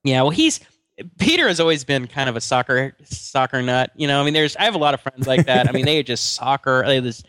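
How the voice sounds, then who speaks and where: A man's voice: medium pitch, expressive, fairly quick, a bit bright, smooth, dry recording, clean studio sound. A middle-aged man co-hosting a podcast in casual chat, rambling with many restarts and fillers. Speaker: podcast co-host.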